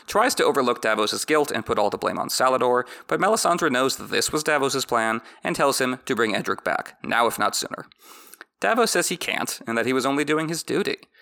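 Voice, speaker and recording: A man's voice: mid-range voice, vocal fry, sharp tone. A man hosting a book podcast, recapping chapters with sarcastic, wry asides. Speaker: podcast host.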